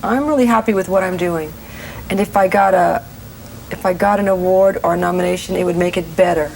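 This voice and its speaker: A woman's voice: lowish voice, vocal fry, darkish tone, a little hiss or hum, poor audio. A woman in her forties, a guest actress in a casual TV interview, talking earnestly and restarting her sentences often. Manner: earnest, halting, many restarts.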